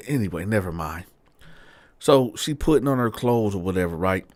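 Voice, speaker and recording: A man's voice: on the low side, lively intonation, moderate pace, a little mellow, dry recording. Male storyteller host, casual and profane, dry close mic. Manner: profane, addresses listeners directly.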